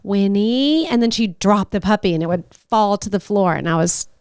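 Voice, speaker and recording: Young woman cohost rambling thru a story, really smooth clear voice, dry close sound. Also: medium pitch, normal speed, a little mellow, no room sound. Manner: chatty storyteller, rambling with fillers. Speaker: podcast co-host. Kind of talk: casual chat.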